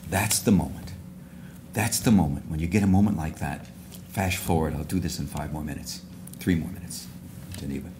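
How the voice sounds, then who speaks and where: An older man with a notably deep voice tells a long, wandering anecdote to a luncheon crowd. He circles back, restarts phrases and drops asides as he talks. A faint background hum sits under his voice. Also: normal speed. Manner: rambling storyteller with many restarts and asides. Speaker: award speaker. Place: luncheon hall.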